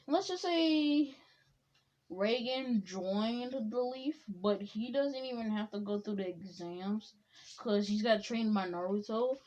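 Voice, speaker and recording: A woman's voice: on the high side, takes it slowly, darkish tone. A woman improvising a fan-fiction story in a rambling, loose way, with many "like"s, on a dull lo-fi recording.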